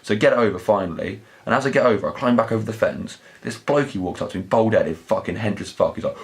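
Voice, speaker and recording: A man's voice: fairly low pitch, quick pace, hardly any pauses. A young man, telling crude, sweary, rambling stories in a casual vlog. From southern England. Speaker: vlog host. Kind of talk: casual anecdotal storytelling.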